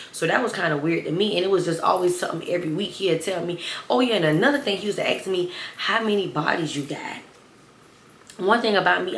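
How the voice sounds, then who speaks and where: Young woman w/ spilling a story, kinda low voice, echoey room, faint background hum. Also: fairly bright tone. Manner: chatty, emphatic, addresses viewers as y'all. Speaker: storytime vlogger. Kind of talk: casual storytime chat. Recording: roomy echo, faint ambient noise.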